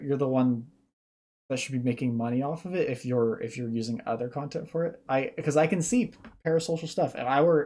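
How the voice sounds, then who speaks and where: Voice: mid-range voice, mellow. A streamer giving casual reaction commentary, thinking aloud and explaining ideas at length.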